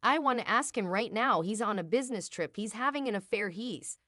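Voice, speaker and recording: Woman, storyteller, emotional narration, animated pitch, dry close sound. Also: brisk, no room sound. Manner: emotional, dramatic, rhetorical questions. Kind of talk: first-person drama story narration.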